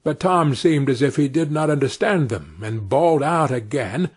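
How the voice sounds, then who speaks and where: A man narrating a fairy tale for English learners in a slow, expressive storybook reading. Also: a little high, slightly rough.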